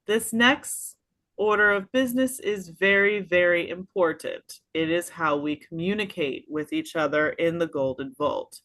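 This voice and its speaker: A woman voicing a brisk, polished female agent of a secret society in a tabletop game, bright and formal. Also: fairly low pitch, no room sound. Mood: serious.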